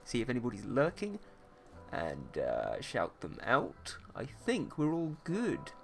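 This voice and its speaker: A man with a posh British accent chats casually to his stream viewers, joking and teasing as he gets ready to paint. His voice sits at a middling pitch, and quiet music plays faintly underneath. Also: huge pitch swings, measured pace, creaky. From England. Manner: playful, teasing, chatty with viewers. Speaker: art streamer host. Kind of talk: casual livestream chat.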